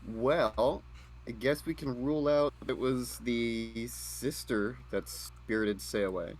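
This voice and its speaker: A man playing a tabletop game on a live stream, dry and reasoning out loud. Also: mid-range voice, takes it slowly, a little hiss or hum. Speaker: player.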